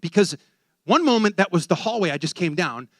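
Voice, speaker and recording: A man preaching, telling a story with excitable energy and acting out the voices in it. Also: high-pitched, a little fast, no echo. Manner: animated, excitable storyteller who acts out voices. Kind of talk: sermon storytelling.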